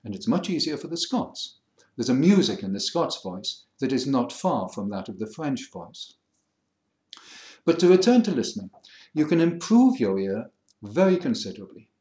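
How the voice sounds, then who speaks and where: A middle-aged man with a middle-class educated English accent, explaining things in a measured, wry teaching manner. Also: mid-range voice, very animated, mellow, echoey room. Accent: standard English, middle-class educated. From England. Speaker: French listening teacher. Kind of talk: lecture to camera.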